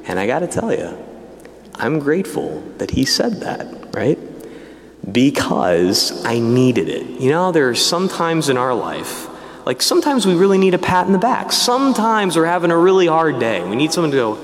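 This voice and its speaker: Animated man in a reverberant hall. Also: a little high, moderate pace. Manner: animated storytelling with casual asides. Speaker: priest telling his vocation story. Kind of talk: personal testimony talk.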